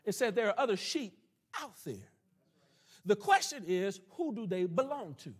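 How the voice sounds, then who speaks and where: A man leads a church Bible study in full preaching cadence, his voice sitting notably high for a man. He slows right down to lean on his key phrases and slips in homespun country asides. He comes across as a pastor teaching his congregation. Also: sing-song, breathy edge. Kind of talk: sermon-style Bible teaching.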